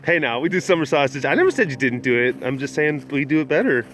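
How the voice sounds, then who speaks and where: Lively young man hosting a livestream. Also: fast talker, soft background music. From southwest Wisconsin, USA. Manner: animated, joking, swings between loud hype and low mumbles. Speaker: livestream host at a big cat facility. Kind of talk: casual livestream chat reading viewer comments.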